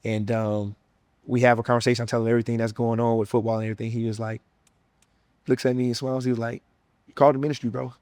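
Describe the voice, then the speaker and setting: Young Southern guy, mid-pitched, giving an earnest and emotional personal testimony. Dry, close recording. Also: flat delivery, fast, darkish tone, clear, resonant tone, no echo. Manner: earnest, emotional storytelling with casual slang. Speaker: former college football player sharing his testimony.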